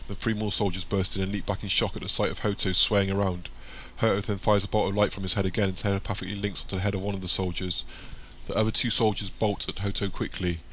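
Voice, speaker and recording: A man reads an audiobook in a steady, descriptive manner, his low-leaning voice bright and forward. There's a faint hiss beneath the recording.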